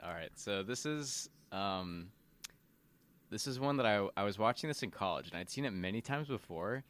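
A man co-hosting a podcast, chatting casually in a relaxed, joking way and bringing faith into it. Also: lowish voice, moderate pace. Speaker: podcast co-host. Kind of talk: casual chat.

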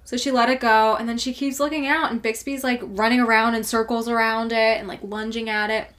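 A woman's voice: a little high, little pitch movement, brisk, a bit bright. A young woman co-hosting a podcast, telling a story in a casual, rambling way with lots of "like". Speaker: podcast co-host. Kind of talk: casual chat.

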